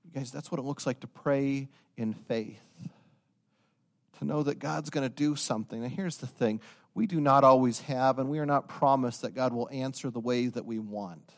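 A young man preaching a sermon, telling stories and building to loud, emphatic insistence. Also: mid-range voice, normal speed. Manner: storytelling, swelling to emphatic raised-voice insistence.

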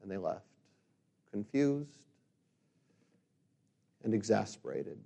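A middle-aged man preaching a sermon as a pastor. He builds to loud, emphatic peaks and then drops to quiet, reflective passages. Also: lowish voice, expressive, creaky. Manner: reads scripture slowly and forcefully.

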